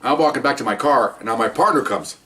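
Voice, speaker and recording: A man's voice: medium pitch, fast talker, recorded from a distance. A man, a retired police officer, telling cop stories in a casual monologue, acting out what people said and chuckling along. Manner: animated storytelling, acting out quotes, chuckling.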